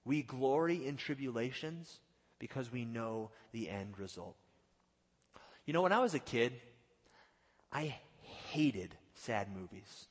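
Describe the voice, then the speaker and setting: A male pastor preaching a sermon, swinging from loud outbursts to hushed, drawn-out lines and acting out the quotes. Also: mid-range voice, lively intonation. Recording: long hall reverb.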